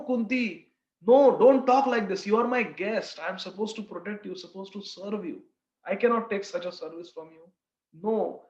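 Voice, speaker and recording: A man's voice: high-pitched, close to an everyday voice. A man voicing a grieving, pleading poor village woman in a retold scripture story. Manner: imploring, grieving. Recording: roomy, slightly dull recording.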